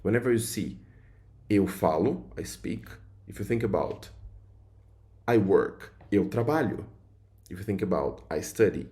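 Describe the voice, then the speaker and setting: Low, warm-voiced man teaching grammar. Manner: loose, repetitive explaining with many fillers. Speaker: language teacher. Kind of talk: explaining grammar to viewers.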